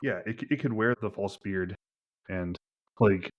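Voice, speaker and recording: A man's voice: on the low side, measured pace, lo-fi sound. A man running a tabletop game as game master, describing scenes in a rambling way full of "like" fillers.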